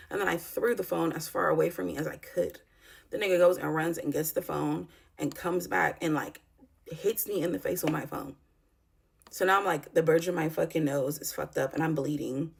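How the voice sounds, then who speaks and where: A woman's voice: on the low side, fairly even intonation, a little fast, vocal fry, slight background noise. A woman in her thirties telling a personal story in a vlog, talking in a raw, profane, emotional way with lots of fillers. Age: 30s. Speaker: vlogger.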